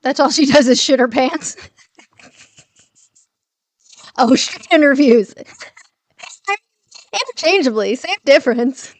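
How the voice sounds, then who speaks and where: A woman's voice: high-pitched, lively intonation, a little slow. A woman hosting a casual morning livestream from home, chatting with viewers and reading their messages aloud, laughing often. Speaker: livestream host.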